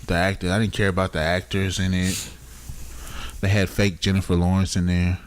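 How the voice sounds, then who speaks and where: A young man co-hosting a podcast in casual chat, joking, laughing often and tossing out quick opinions. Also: low voice, little pitch movement, a little hiss or hum. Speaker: podcast co-host.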